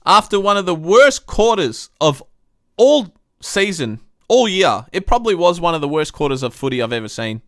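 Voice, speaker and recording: A man's voice: sits high, very animated, moderate pace, a bit bright, no echo, studio quality. A young man hosting a live-stream football review, venting frustration with swearing as he recaps the game like a fed-up fan. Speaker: sports review host.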